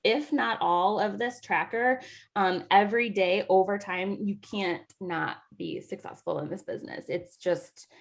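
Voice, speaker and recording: Chatty woman with a gravelly voice. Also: mid-range voice, a little slow. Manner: chatty, with many "like" and "um" fillers. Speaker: team coach leading a new-coach training call. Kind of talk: casual training talk over a video call.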